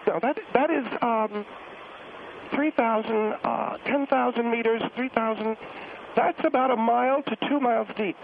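A man's voice: very high voice, measured pace, gravelly, pitched above the performer's own voice, exaggerated voice. A man voicing a prickly, defensive middle-aged woman caller who gets muddled with numbers and takes offense, heard over a phone line. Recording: noisy tinny phone line.

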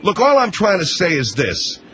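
A man hosting a radio talk show, reading plugs in a brisk, mock-earnest pitchman patter. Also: wildly swooping pitch, fairly bright tone, husky.

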